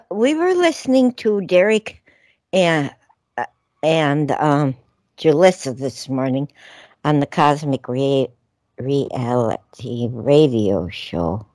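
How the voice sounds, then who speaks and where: A woman's voice: deep voice, darkish tone, no echo. A woman co-hosting a radio talk show, telling a story in a meandering, chatty way with many fillers. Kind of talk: casual radio chat.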